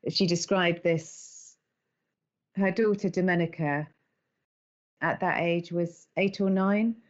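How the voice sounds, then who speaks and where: A middle-aged woman, an animated storyteller who laughs often as a podcast guest. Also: lowish voice, slow, dull audio. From England. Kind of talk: conversational interview.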